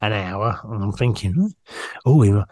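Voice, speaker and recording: A man, co-hosting a comedy podcast and telling rambling, crude tall tales deadpan. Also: fairly low pitch, normal speed, dry recording, studio quality. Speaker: podcast co-host. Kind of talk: comic storytelling.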